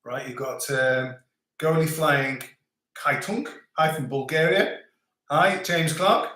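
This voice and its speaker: A middle-aged man, hosting a livestream and reading out viewer comments in a relaxed, chatty way with frequent laughs. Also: on the high side, slow pace. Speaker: livestream host. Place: home in rural France. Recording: echoey room.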